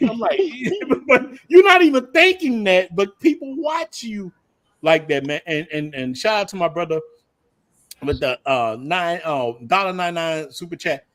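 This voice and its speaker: A man's voice: sits high, moderate pace, no room sound. A man hosting a casual livestream chat, telling stories and laughing often. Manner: animated storytelling, laughs often. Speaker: host.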